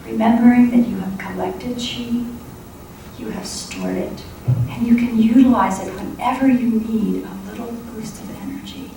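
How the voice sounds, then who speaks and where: A middle-aged woman gently leads a qigong class, her instructions calm with small jokes. She sounds distant in a very echoey room. Steady background noise runs underneath. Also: on the high side. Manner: calm, gently guiding, playful asides. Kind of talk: guided exercise instruction. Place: large echoey meeting room. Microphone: lapel mic.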